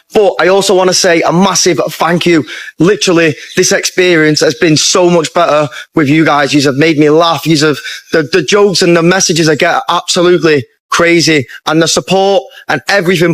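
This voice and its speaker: A man's voice: fairly high pitch, fairly bright tone, no room sound. A man recording a farewell message to his followers in a matey way, keeps calling them boys.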